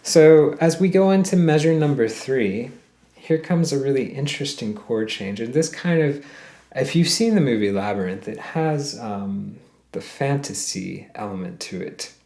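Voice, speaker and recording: Counting beats out loud and humming the tune, a man walks viewers he calls "guys" through a friendly ukulele lesson step by step. His voice is mid-range, gravelly, and warm, with lively intonation and a measured pace, set against a roomy echo and ukulele playing.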